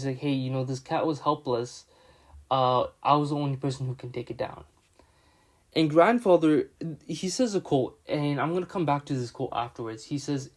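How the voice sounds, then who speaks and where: A man's voice: medium pitch, darkish tone. A man casually recapping a manga chapter, a bit under the weather, loosely retelling scenes with lots of "he's like" and filler words. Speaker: manga reviewer.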